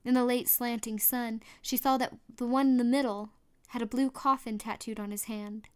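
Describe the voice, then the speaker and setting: A woman reading a novel aloud as a storybook narration, steady, with small restarts now and then. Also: on the high side, moderate pace, clear, resonant tone. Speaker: audiobook reader.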